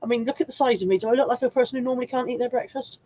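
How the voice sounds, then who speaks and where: A woman's voice: a little high, racing, mellow, slight background noise. A woman hosting a casual live stream while full of a cold, chatting, rambling and poking fun at herself as she greets viewers by name. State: congested with a cold, coughing.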